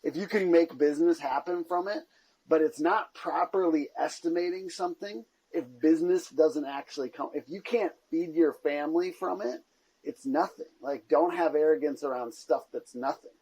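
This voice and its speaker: A man's voice: on the high side, moderate pace, mellow, breathy edge, rough recording. A man hosting a podcast in casual chat, rambling with lots of "like" and "you know what I mean". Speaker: podcast host.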